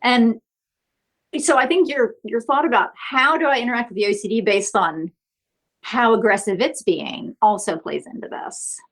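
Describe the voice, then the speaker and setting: Middle-aged woman on a podcast, fairly high voice, earnest and explainy, keeps saying "right?". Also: moderate pace, fairly bright tone. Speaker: guest therapist. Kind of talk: podcast interview.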